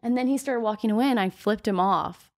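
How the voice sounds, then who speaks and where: A young woman in her twenties, a podcast guest, telling stories in a candid, chatty way with lots of "like" and quick laughs. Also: medium pitch. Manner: chatty storyteller, heavy use of "like", frequent laughs.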